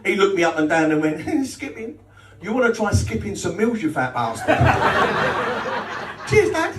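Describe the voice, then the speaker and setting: A man's voice: on the high side, fairly bright tone. A middle-aged British man doing a live stand-up set, crude and cheeky, often chuckling at his own jokes and bantering with the crowd. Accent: British English. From Britain. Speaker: stand-up comedian. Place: small social club comedy night. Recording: roomy venue audio taken from a distance, with crowd noise. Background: audience laughter.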